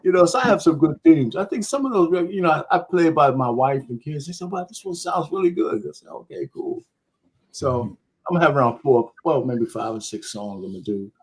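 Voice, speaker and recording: A man's voice: on the high side, fairly quick, husky. Easygoing man chatting on a panel. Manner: relaxed, rambling, laughs easily. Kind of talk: casual panel chat.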